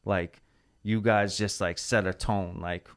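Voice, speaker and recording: Low-voiced man telling a story. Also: fairly even intonation, slow pace. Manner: rambling, full of "like" and swearing. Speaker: dancer. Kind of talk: casual podcast storytelling.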